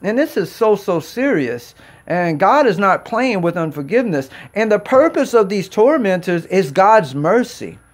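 A man with a notably high speaking voice delivers a sermon. He exhorts earnestly, circling back over his phrases and stumbling into restarts as he presses his point. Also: big pitch swings, normal speed. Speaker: preacher.

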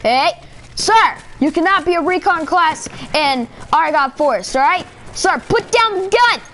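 A man voicing a bossy, self-important male police officer during gameplay commentary, scolding in a pompous rapid-fire way and straining his throat. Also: very high voice, expressive, bright, forceful tone, a little hiss or hum, heavily acted.

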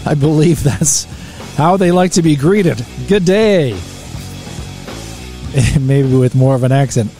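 A man's voice: on the high side, animated, slow, long pauses, warm tone, soft background music. A man hosting a live talk radio show, chatting casually and joking, with lots of fillers and restarts. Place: radio studio.

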